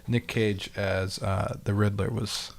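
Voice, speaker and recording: A man's voice: lowish voice, little pitch movement, slow pace, gravelly, background noise. A man co-hosting a podcast in casual chat, with dry, offhand banter. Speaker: podcast co-host.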